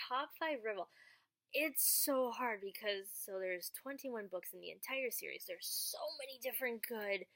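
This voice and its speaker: A young woman chatting casually to the camera as she answers viewers' questions, acting out quoted lines with sudden high jumps in her voice. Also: animated, normal speed, a bit bright, no room sound. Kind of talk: casual storytelling vlog.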